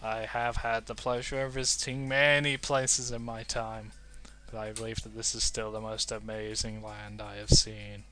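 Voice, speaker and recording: A British man doing a grave, deep-voiced traveller who has seen many lands, speaking slow and stately in a game. The tone is bright and forward. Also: flat delivery. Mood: measured. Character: well-travelled wanderer man.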